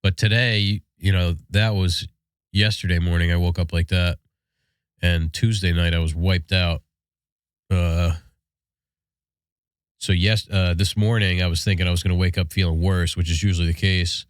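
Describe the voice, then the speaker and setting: Thirties male podcast co-host, congested nasal cold voice, low-pitched, dry close sound, rambling casual chat. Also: fairly even intonation, normal speed, long pauses, clear, resonant tone, no echo. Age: 30s. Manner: easygoing, rambling with fillers. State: stuffy nose from a cold. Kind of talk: casual chat and read sponsor ads.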